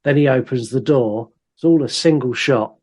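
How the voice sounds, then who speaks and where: A man at a middle pitch talks through a movie on a podcast. He speaks casually and swears freely. He sounds keen as he shares behind-the-scenes facts. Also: normal speed, darkish tone, slightly rough. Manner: enthusiastic, swears freely, shares film trivia. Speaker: podcast co-host. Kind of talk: casual film review chat.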